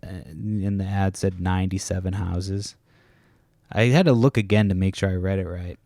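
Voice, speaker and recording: A man's voice: low-pitched, fairly even intonation, normal speed, a little mellow, no echo, studio quality. A man hosting a casual solo podcast from home, rambling, swearing often and stopping mid-sentence to restart. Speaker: podcast host. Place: home, kids nearby.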